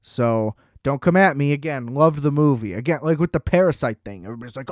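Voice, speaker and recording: A man talks through a film in a casual review chat, his pitch sitting in a middle range. His delivery is loose and joking, with plenty of swearing. The recording is dry and close, with no room echo. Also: expressive, fairly quick, few pauses, a little mellow. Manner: loose, profane, joking recap with laughs. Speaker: film review show host.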